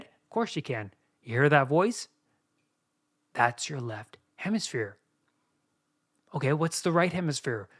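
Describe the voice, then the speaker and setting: A man hosting a solo podcast, talking earnestly straight to his listeners like a coach, shifting from soft near-whispers to emphatic bursts. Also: mid-range voice. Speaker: podcast host.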